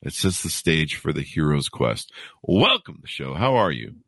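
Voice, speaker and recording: A man's voice: very deep voice, big pitch swings, moderate pace, creaky, a bit bright, dry recording. A man hosting a podcast, joking and rambling with self-mocking asides. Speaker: podcast host. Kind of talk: casual rambling podcast intro and interview.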